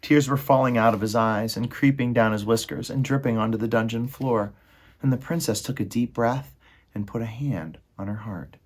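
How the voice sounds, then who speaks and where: A man's voice: medium pitch, moderate pace. A man reading a children's novel aloud with expression and speaking directly to his viewers. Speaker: storybook reader.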